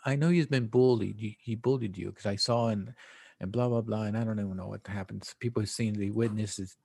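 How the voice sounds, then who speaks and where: Gravelly husky male podcast guest. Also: fairly low pitch, fairly even intonation, fairly quick, darkish tone, no room sound, clean studio sound. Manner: rambling storyteller, swears, mixes in Spanish slang. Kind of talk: casual chat.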